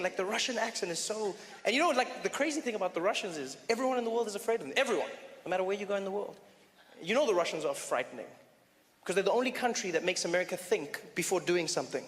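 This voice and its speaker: High-voiced energetic stand-up comedian. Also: male voice, quick pace, a little hiss or hum. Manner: energetic, animated, often shouting. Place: comedy club stage. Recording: reverberant club with faint ambience.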